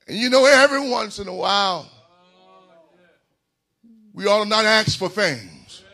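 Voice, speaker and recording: A man preaching a sermon in a church, building into whooping shouts. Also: high-pitched, lively intonation, a little slow. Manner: whooping call-and-response preaching, rising into shouts.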